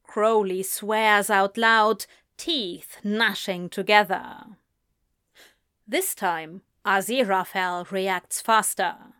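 A woman reading erotic fiction aloud in a slow, breathy, intimate way. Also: mid-range voice, steady tone, a bit bright, no room sound, clean studio sound. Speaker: narrator.

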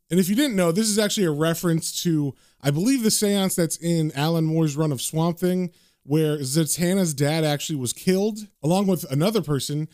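A man's voice: a little high, fairly quick, darkish tone, dry recording, studio quality. A man casually recapping and reading a comic aloud, with loose filler words. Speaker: comic book reader and recapper.

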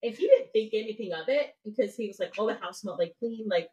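A woman guest in a podcast interview, telling a personal story in a lively way, full of fillers and acted-out thoughts. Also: fairly high pitch, quick pace, far from the mic, low-quality recording. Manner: animated, lots of "like" fillers, acts out her own thoughts.

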